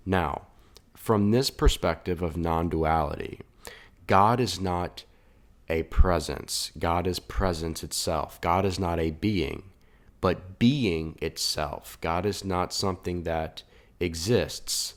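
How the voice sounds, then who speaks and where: A man with a deep, low voice gives an earnest, reflective spiritual monologue as a coach. He thinks aloud, repeating and restarting his phrases as he goes. He speaks into a desk microphone in an indoor room. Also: fairly even intonation, unhurried.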